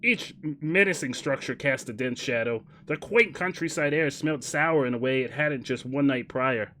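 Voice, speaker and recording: A man's voice: mid-range voice, normal speed, sharp tone, a little hiss or hum, lightly acted. A man doing a put-on Australian accent, reading a fantasy passage with mock drama and breaking into laughter. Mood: mock-dramatic.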